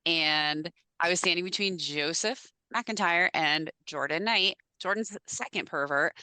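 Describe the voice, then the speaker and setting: A woman with a low voice that still has a bright, forceful edge tells animated stories in casual podcast chat, swearing freely. The sound is dry and close. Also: unhurried, clean tone, no echo. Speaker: podcast co-host.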